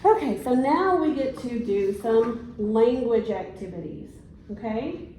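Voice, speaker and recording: A woman teacher gives a one-on-one science lesson, encouraging and praising the student while prompting them to repeat after her. Her fairly high voice is expressive, unhurried, and mellow. The room is echoey, with slight background noise.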